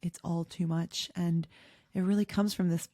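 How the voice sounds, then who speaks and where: A woman in her thirties shares a personal story candidly, filling pauses with ums and likes. Her voice sits low and mellow, recorded dry and close with no room sound. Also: fairly even intonation, no echo. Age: 30s. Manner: candid and emotional, many fillers. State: tearful at times. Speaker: podcast host.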